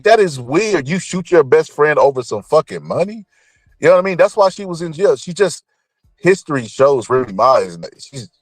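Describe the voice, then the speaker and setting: Lively, profane man ranting. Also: medium pitch, no echo. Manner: blunt, profane, animated ranting. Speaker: commentator. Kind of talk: opinionated celebrity commentary.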